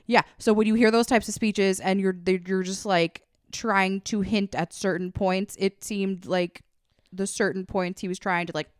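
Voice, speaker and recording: A young woman co-hosting a podcast with a smooth, clear voice, weighing her words skeptically as she thinks aloud. The sound is close and dry. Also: mid-range voice, steady tone, moderate pace, no echo. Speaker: podcast co-host. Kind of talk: casual chat.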